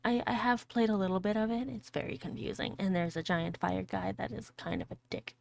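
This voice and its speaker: A woman's voice: medium pitch, a little fast, vocal fry, a little mellow, a little hiss or hum. A woman streamer reading a fairy tale aloud on a live stream, breaking off for crude, joking asides to her chat. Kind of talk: casual live-stream storytelling.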